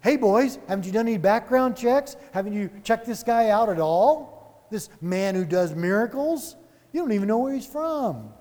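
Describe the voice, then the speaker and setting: A man's voice: sits high, animated, normal speed, mellow, long reverb tail, voice pushed up. A man voicing a bold, formerly blind man who mocks his questioners with jabbing questions. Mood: taunting.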